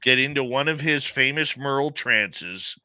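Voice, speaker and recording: A man hosting a radio talk show, telling stories in a lively, chatty way. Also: medium pitch, measured pace, clean tone, dry recording. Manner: animated storyteller, laughs easily. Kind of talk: casual radio talk, storytelling.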